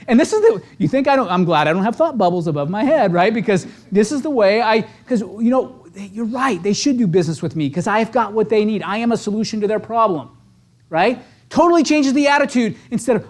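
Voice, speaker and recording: A man giving an energetic motivational training talk to real estate agents, punchy and conversational, constantly checking in with "right?". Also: high-pitched, fairly quick.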